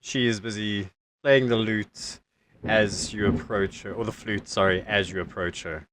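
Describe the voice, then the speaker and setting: A man's voice: on the low side, steady tone, a little slow, fairly bright tone, slight background noise. A man running a tabletop game as game master, narrating with wry jokes.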